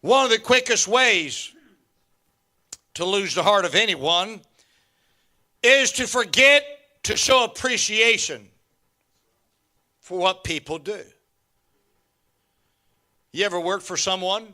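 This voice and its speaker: Fifty-something pastor preaching hard, super bright sharp voice, repeats lines, shouts now and then. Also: male voice, sits high, lively intonation, slow, long pauses. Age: 50s. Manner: emphatic preaching with repetition and sudden shouts; joking asides to the congregation. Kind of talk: sermon.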